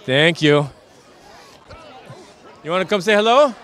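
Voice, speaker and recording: In costume as a Transylvanian count claiming to be a businessman, this street interviewer comforts kids at an outdoor Halloween parade in playful broken English. He has a high, expressive, fairly bright voice, speaks at a measured pace, and background chatter can be heard.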